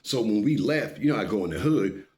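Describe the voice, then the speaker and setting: A man telling a story in a casual, animated way, full of profanity and asides, often stopping to tell the listener to pay attention. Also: fairly low pitch, a little fast.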